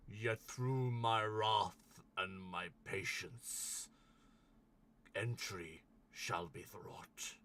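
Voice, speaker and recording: A man's voice: on the low side, drawn-out words, pushed and bright, recorded from a distance, full character voice. A man voicing a towering ancient ice giant guardian who speaks in solemn, archaic proclamations. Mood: solemn, menacing.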